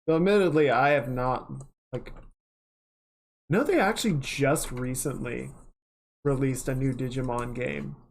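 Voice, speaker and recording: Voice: medium pitch, measured pace, long pauses. A livestreamer in casual chat while working, rambling and chatty, swearing offhandedly now and then.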